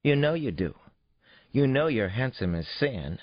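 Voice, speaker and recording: A man's voice: medium pitch, big pitch swings, a little slow, dry recording, voice pushed up. Guy doing a nosy little girl voice, bouncy and pleading, kinda muffled dry audiobook sound. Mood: admiring. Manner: pleading, teasing. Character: little girl, eager and inquisitive. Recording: dull, muffled studio read.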